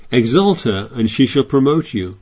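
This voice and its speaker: A man's voice: medium pitch, very animated, moderate pace, darkish tone, muffled recording. A man preaching a sermon, reading scripture aloud and explaining it in a chatty way with frequent restarts.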